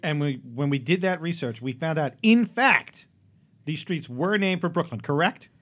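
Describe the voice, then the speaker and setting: A man's voice: on the high side, expressive, moderate pace, fairly bright tone. Jokey male radio host. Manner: jokey, rambling with restarts. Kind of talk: joking radio banter. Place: radio studio.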